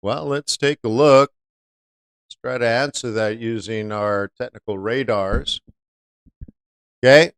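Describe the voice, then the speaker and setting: A man's voice: mid-range voice, slow pace, long pauses, clean tone, no echo, clean studio sound. A man hosting a live-stream trading lesson, chatty, often asking viewers rhetorical questions. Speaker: trading educator.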